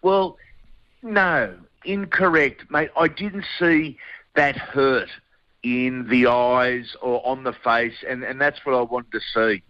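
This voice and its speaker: Aussie bloke on sports radio, blunt and chatty, dry slightly dull sound. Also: male voice, mid-range voice, takes it slowly, dry recording. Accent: Australian. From Australia. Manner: blunt, colloquial, says mate a lot. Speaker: guest sports broadcaster. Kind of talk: casual radio sports chat.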